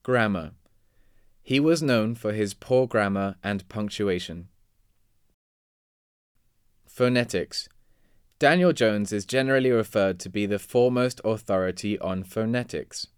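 A man reads vocabulary words and their example sentences in a measured, deliberate way. His voice is low and smooth. The sound is dry and close. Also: no echo. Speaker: vocabulary reader.

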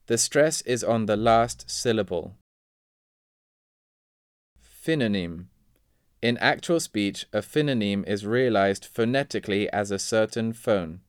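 A man reading vocabulary words and example sentences in a measured, deliberate way. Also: on the low side, smooth, no room sound, clean studio sound. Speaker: vocabulary reader.

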